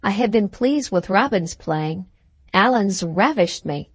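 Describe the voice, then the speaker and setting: A woman narrates a classic novel as an audiobook, reading at a steady, measured pace. Her voice sits at a middle pitch for a woman. The recording is close and dry, with no room echo. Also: husky.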